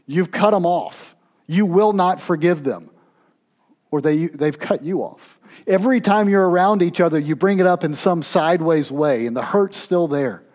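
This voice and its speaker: A pastor in the middle of his sermon, his voice sitting a little higher than most men's. He swings between raised, pleading intensity and quiet, low-voiced stretches that draw the listener in. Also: moderate pace.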